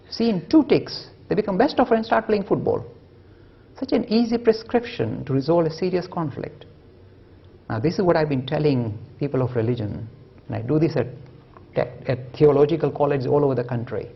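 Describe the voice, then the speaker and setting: A male lecturer talks in an animated, joking way, with a lilting, lively pitch and a husky, gravelly edge to his voice. He tells stories to make his points. The recording sounds dull and lo-fi. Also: normal speed. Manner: animated, joking, acts out quotes. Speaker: lecturer on religion and science. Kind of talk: public lecture with storytelling. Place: lecture hall at a university.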